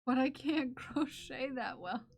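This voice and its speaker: A young woman chats with her viewers in a relaxed, playful livestream. Her voice sits high, and she takes her time with each line. She teases and laughs often, close on the mic. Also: measured pace, creaky. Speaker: livestreamer who crochets. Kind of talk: casual livestream chat reading viewer comments. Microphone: close ASMR microphones.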